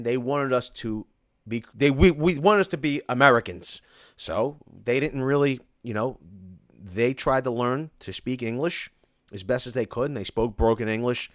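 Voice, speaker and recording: A man's voice: medium pitch, dry recording, clean studio sound. A middle-aged man with a Philadelphia accent, hosting a casual live Q&A and chatting in a rambling way as he reads viewer comments. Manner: rambling, restarts often, reads comments aloud. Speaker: construction company host answering viewer questions. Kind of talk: casual live-stream Q&A chat.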